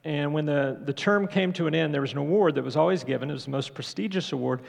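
Man, pastor, conversational sermon, slightly high, gravelly, long reverb of a church hall. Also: fast talker. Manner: conversational, asks the congregation questions. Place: church sanctuary.

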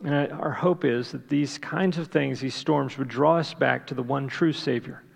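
A man's voice: medium pitch, normal speed, gravelly. A man preaching a sermon, emphatic, asking rhetorical questions and repeating his key points. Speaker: pastor. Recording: long reverb of a large hall.

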